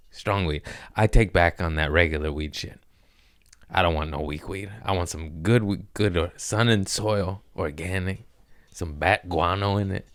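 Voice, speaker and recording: A man's voice: sits low, a bit bright, no echo, studio quality. A young man hosting a podcast in a podcast room, chatting casually in a rambling, profane, joking way. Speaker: podcast host. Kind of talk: casual comedic podcast chat.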